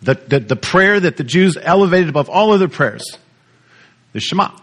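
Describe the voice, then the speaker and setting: Animated preacher, man. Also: on the high side, normal speed, slightly rough. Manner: animated teaching, repeats words, asks the audience questions. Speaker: pastor. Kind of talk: sermon.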